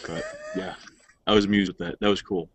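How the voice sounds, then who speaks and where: A man's voice: lowish voice, fairly quick, breathy edge, rough recording. A man chatting casually, rambling a little and joking crudely. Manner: relaxed, rambling with fillers, crude jokes. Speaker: podcast co-host. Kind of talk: casual chat.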